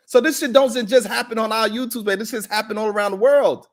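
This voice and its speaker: A man's voice: high-pitched, fairly even intonation, quick pace. A man hosting a live stream, ranting in heated, profane reaction commentary.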